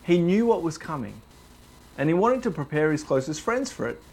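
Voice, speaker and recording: A young man preaching a sermon, telling the story with animated, dramatized delivery. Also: fairly high pitch, normal speed, breathy edge.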